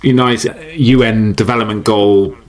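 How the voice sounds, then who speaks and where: A low-voiced man talks through ideas as a podcast guest. He is chatty and animated, laughs often and restarts his sentences as he goes. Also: a little slow. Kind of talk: casual conversational interview.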